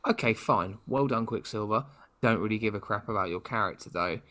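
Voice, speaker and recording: A man's voice: on the low side, brisk, pushed and bright. A man with a British accent co-hosting a podcast, chatting casually in a rambling, playfully sarcastic way. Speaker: podcast co-host. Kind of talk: casual chat.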